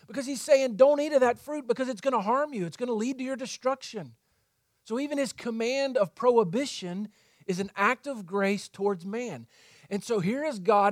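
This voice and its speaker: A man's voice: sits high, dry recording, clean studio sound. A man preaching a sermon, teaching earnestly and often asking rhetorical questions.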